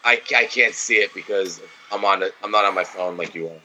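A man's voice: sits low, brisk, sharp tone, rough recording. A man co-hosting a casual podcast, watching wrestling and giving blunt, opinionated takes full of swearing. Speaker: podcast co-host.

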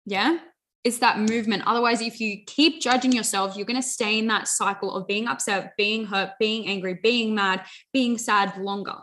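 Young woman doing a self-help talk w/ slides, earnest, says "like" a lot, kinda high voice. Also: steady tone, normal speed, a bit bright. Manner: earnest, repetitive, uses "you know" and "like".

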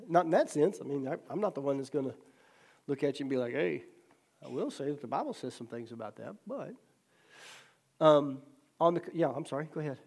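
A man's voice: on the high side, brisk, creaky, long pauses, husky. A man pastor leading a Bible study, telling stories with acted-out quotes and frequent laughter. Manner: lively storyteller who laughs often and acts out quotes.

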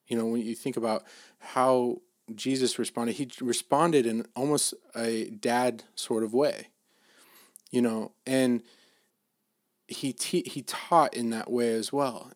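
Middle-aged man, mid-pitch, dry close sound, relaxed preaching with frequent restarts. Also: no room sound. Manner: casual, halting, many restarts and fillers. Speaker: dad giving a faith talk. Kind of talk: informal sermon.

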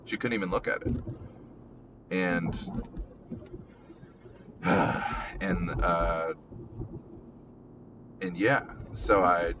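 A young man with a deep yet bright voice talks slowly about personal matters on a podcast, recorded in a car. He stumbles and restarts often, with hesitant ums. A faint hum of road noise sits under his voice. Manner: halting, many ums and restarts, emotional. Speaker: podcast host. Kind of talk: casual podcast chat.

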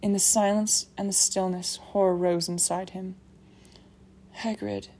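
Woman audiobook narrator, mid-pitched, steady and measured. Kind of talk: scripted narration.

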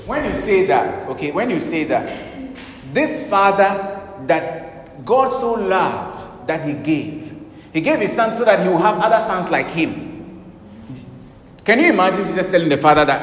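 Emphatic preacher in an echoey hall. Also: male voice, high voice, lively intonation, a little fast, slight background noise. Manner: emphatic, swinging between loud urgent bursts and hushed passages. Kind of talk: sermon. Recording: echoey hall with long reverb, faint ambience.

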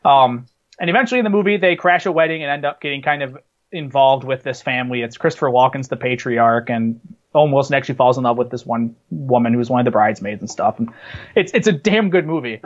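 A man's voice: mid-range voice, fast, dull audio. A man co-hosting a casual movie podcast, telling stories with lots of fillers and restarts. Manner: animated storyteller, many fillers and restarts. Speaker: podcast co-host. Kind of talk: casual chat, movie countdown.

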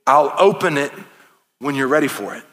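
Bright-voiced preacher in a reverberant hall. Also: male voice, mid-range voice, lively intonation, moderate pace. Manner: earnest, impassioned preaching with playful asides. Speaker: pastor. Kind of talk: sermon. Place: church sanctuary. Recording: long reverb of a large hall.

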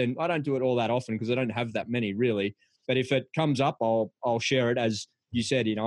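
A man's voice: medium pitch, no echo. A middle-aged man, hosting a podcast in an encouraging, chatty way. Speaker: podcast host. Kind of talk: casual podcast chat.

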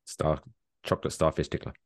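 A man's voice: a little fast, no echo, clean studio sound. A man co-hosting a comedy podcast, swearing and joking in loose, profane banter. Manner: profane, joking, slips into silly put-on voices. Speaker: podcast co-host.

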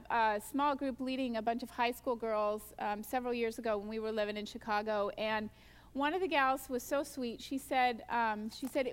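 Earnest high-voiced woman in a reverberant hall. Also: fairly bright tone. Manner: earnest, storytelling, acts out her own prayers. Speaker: guest speaker at a church gathering. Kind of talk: personal testimony in a sermon. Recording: long church hall reverb.

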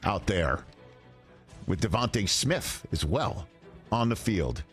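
Upbeat sports talk host, lively pitch. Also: male voice, slow, husky, soft background music. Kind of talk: sports talk show segment.

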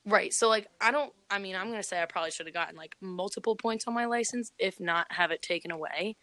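A woman's voice: medium pitch, quick pace, sharp tone, dry recording. A young woman from Pennsylvania, a podcast co-host, chatting frankly and telling stories with casual swearing. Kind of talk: casual chat.

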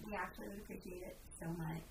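A woman's voice: on the low side, steady tone, fast. Woman podcast host, distant and noisy. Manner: chatty, wraps up with sign-off. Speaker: podcast host and wedding professional. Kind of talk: casual podcast chat. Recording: distant mic with clear background noise.

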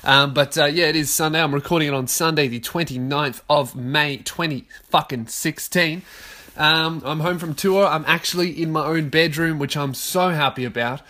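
A man in his twenties with an Australian accent, hosting a casual solo podcast from his bedroom, swearing freely and ranting in loud bursts. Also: fairly high pitch, normal speed. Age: 20s. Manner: profane, ranting, loud outbursts. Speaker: podcast host.

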